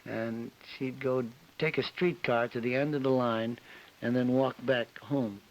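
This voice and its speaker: On a 1961 television panel show, captured in a dull, hissy broadcast, a celebrity guest recounts an emotional personal story. His medium-pitched voice stays steady in tone and unhurried.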